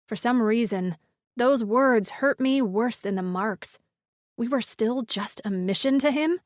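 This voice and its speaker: A woman's voice: fairly high pitch, a little slow, no echo, studio quality. Woman narrating a romance audiobook. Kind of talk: first-person fiction narration.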